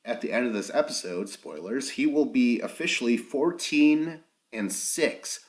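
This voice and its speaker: A man's voice: mid-range voice, animated, measured pace. A man hosting a podcast, giving a casual recap of a reality show, ranting with lots of swearing and acting out quotes in mocking voices. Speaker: podcast host.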